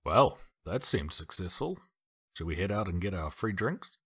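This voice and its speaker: A deep-voiced man speaks as a player in a tabletop game, playful and joking as he voices his cat character's actions. His pitch sits low, and the talk is casual. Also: lively intonation, moderate pace, fairly bright tone, husky. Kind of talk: casual role-play chat.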